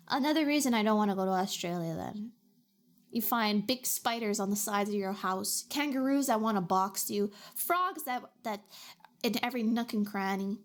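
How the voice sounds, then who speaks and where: A woman's voice: medium pitch, moderate pace. A young adult woman streamer from Canada, chatting playfully and reacting to her chat. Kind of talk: casual chat.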